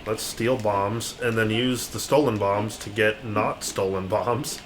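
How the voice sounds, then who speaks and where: A man's voice: on the low side, fairly even intonation, a little slow, a little hiss or hum, rough recording. A man playing a video game, dryly planning his moves aloud in casual commentary. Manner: dry, plans moves aloud, wry. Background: game music.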